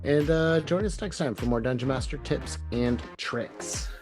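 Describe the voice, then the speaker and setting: A man co-hosting a podcast, wrapping up the episode with quick plugs and sign-off. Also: medium pitch, a little mellow, soft background music. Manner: brisk, reads plugs quickly. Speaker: podcast co-host. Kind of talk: casual chat and show outro.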